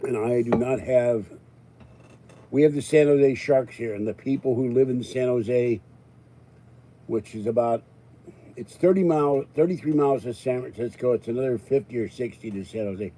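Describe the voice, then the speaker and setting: Older man hosting a livestream, dark-voiced. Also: medium pitch, normal speed, poor audio. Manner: rambling, exasperated, raises voice then calms. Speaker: livestream host. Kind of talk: live-stream chat with viewers.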